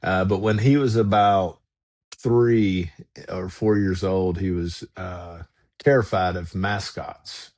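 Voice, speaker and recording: Deep-voiced man telling a story. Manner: animated anecdote with many "uh" fillers. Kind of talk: casual storytelling.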